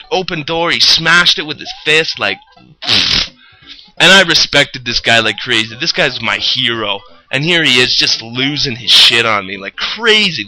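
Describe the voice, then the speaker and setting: A man's voice: medium pitch, low-quality recording. A young man telling a rambling, profane story about his job as a roofer, in casual chat. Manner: rambling, profane, animated retelling.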